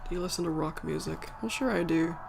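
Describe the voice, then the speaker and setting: A woman's voice: low voice, fast talker, vocal fry, background noise. A woman with a slight American country accent, chatting casually to a live-stream audience, rambling and correcting herself as she goes. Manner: rambling, self-correcting, chuckling. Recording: faint background music.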